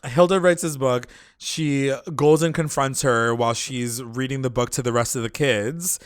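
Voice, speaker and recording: A man's voice: medium pitch, steady tone, normal speed, clean tone, no room sound, clean studio sound. A young man co-hosting a casual recap podcast, rambling with lots of fillers and casual swearing. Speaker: podcast co-host. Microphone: podcast mic.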